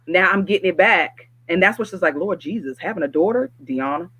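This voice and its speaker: A mother in a casual group chat, candid and full of animated asides. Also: fairly low pitch, a little fast, slightly rough, dry recording. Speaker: guest, mother.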